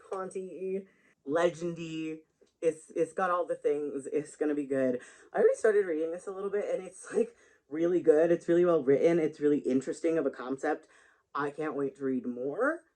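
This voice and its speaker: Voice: medium pitch, a little mellow, poor audio. Chatty rambling book vlogger. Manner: rambling, chatty, laughing at own jokes. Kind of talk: casual book chat to camera. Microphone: built-in camera mic.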